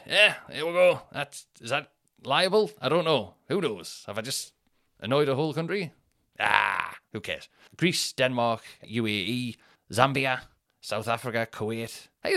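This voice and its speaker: Bright, chatty Northern English man. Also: mid-range voice. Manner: rambling, sweary, self-mocking. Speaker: podcast host. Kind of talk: casual solo podcast chat.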